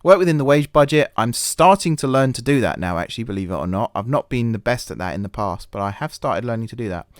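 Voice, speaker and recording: A man's voice: medium pitch, animated, quick pace, few pauses, no echo, clean studio sound. A man hosting a gaming channel, chatting casually over a management game, rambling and poking fun at himself with many fillers and restarts. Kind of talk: casual let's-play commentary.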